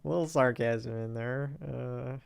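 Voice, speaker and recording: A man's voice: medium pitch, slow pace, gravelly, clear, resonant tone, dry recording. A man streaming a game live, talking casually and hesitantly, with wry, self-mocking asides and chat read aloud. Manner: rambling and hesitant, reads viewer chat aloud.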